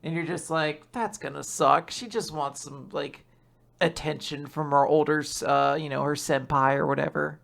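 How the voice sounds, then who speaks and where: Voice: medium pitch, fairly even intonation, normal speed, gravelly, fairly bright tone. A podcast co-host chatting casually about a manga chapter, sarcastic and swearing freely. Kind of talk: casual manga recap chat.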